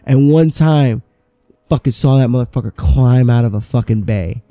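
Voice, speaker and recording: A man's voice: mid-range voice, normal speed, warm tone, faint music behind. A man co-hosting a podcast, telling a rambling, profane work story in casual chat. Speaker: podcast co-host.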